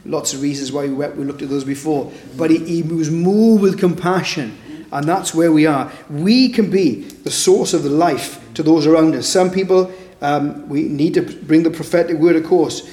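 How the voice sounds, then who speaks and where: A man's voice: on the high side, moderate pace, few pauses, mellow, echoey room. A man preaching informally at a Bible study, talking conversationally and tagging points with rhetorical questions. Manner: conversational, with frequent "isn't it?" tag questions.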